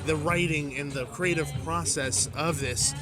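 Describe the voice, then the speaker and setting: A man's voice: a little high, unhurried. A man hosting a podcast, chatting enthusiastically and interviewing a guest. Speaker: podcast host.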